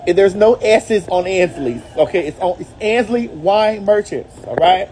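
A woman with a Southern US drawl talks straight into a handheld phone, flamboyant and full of sass, sprinkling honey and baby through her pitch. Her voice sits at an ordinary middle pitch. Plenty of street and shop noise rides along underneath. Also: normal speed, mellow. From Southern United States. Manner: flamboyant, sassy, calls viewers honey and baby. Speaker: brand ambassador and host. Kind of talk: promotional vlog. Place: out and about on city streets and in a liquor store.

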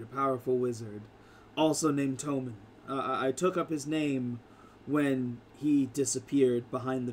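A man's voice: mid-range voice, fairly bright tone, natural voice. A man voicing a fussy, polite male frog-man familiar who keeps apologizing.

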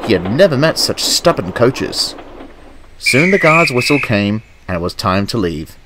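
Male storybook narrator with lively intonation. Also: medium pitch, a little slow, noisy background.

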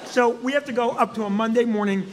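A comedian co-hosting a live show, telling an animated, profane story and shouting his punchlines. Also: very high-pitched, fast talker, big-room sound. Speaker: comedian and co-host.

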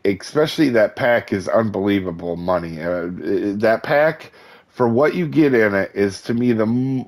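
A man with a hoarse, fading voice hosting a casual game guide, chatty and enthusiastic, with many fillers and restarts. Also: mid-range voice. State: hoarse, losing his voice. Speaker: gaming channel host.

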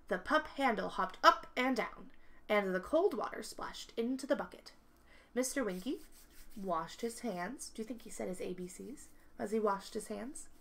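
Woman reading a kids story out loud, slow and bright, asks the kids questions. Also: mid-range voice, gravelly. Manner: expressive, asks listeners questions. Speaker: children's story reader. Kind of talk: reading a picture book aloud to children.

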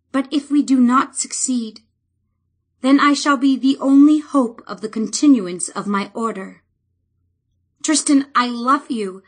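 A woman voicing an earnest, devoted young woman druid in an audiobook, speaking softly and heartfelt. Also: a little high.

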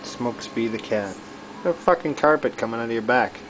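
A man filming his pet cat at home, coaxing and teasing it, shifting between loud urging and soft baby-talk whispers. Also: mid-range voice, expressive, moderate pace, noisy background.

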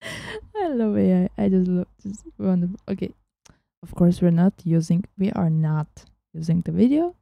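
A woman hosting a casual software tutorial, chatting as she works and often dropping into a whisper. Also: fairly low pitch, moderate pace, vocal fry, no room sound. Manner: chatty, thinking aloud, often drops to a whisper. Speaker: tutorial host.

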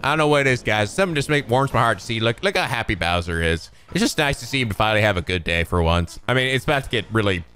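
A man casually commentating a game playthrough, jokey and animated. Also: fairly low pitch, fast, few pauses, soft background music. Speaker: let's play host. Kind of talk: gameplay commentary.

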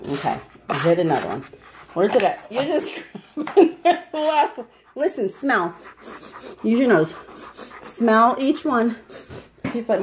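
A woman's voice: on the high side, sing-song, measured pace, long pauses, noisy background. A woman at home playfully giving her dog commands and encouragement during a game. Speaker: dog owner and channel host. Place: at home, at a table.

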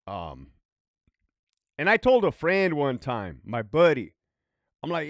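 Man, ex-prison guard storyteller, high lively voice, profane and emphatic, dry close sound. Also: takes it slowly, long pauses, no room sound. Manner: profane, emphatic, conversational with frequent "right?". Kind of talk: casual storytelling monologue.

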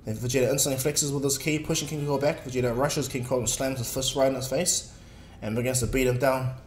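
A man's voice: medium pitch, steady tone, fast, darkish tone, a little hiss or hum. A man casually narrating a fan story in a rambling way, with filler words. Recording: echoey room, faint music.

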